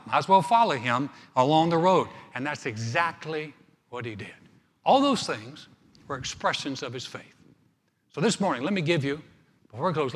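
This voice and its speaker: A man pastor preaching a sermon, telling the story in an animated way and often repeating his words. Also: fairly high pitch, husky, in a large hall.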